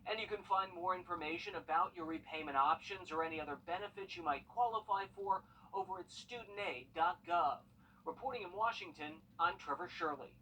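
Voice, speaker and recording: A man delivering a scripted news report in a measured, informative way. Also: high voice, bright, forceful tone, far from the mic, a little hiss or hum, poor audio. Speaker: news correspondent.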